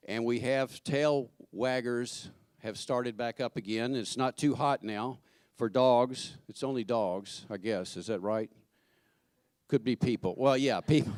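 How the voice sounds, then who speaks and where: A man giving church announcements in a chatty, joking way, halting with fillers and restarts. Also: medium pitch, darkish tone, no echo, studio quality. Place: church sanctuary.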